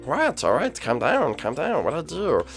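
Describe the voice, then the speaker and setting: Excitable young man, bouncing pitch. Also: normal speed, vocal fry, breathy edge, faint music behind. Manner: excitable, swings from loud shouts to mumbling. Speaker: YouTube host and role-player. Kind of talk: Minecraft role-play commentary.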